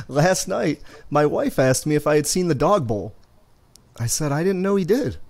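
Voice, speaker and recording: Easygoing cohost guy, slow talker, bit higher voice. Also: animated, a little mellow, slightly rough. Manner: easygoing, laughs at his own jokes. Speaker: podcast co-host. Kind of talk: casual banter.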